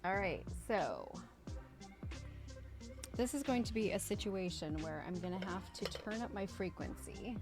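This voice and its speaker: A woman's voice: mid-range voice, expressive, unhurried, long pauses, music in the background. A woman hosting a livestream, chatting casually and easily amused while crafting and reading viewer comments. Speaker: livestream host doing crafts.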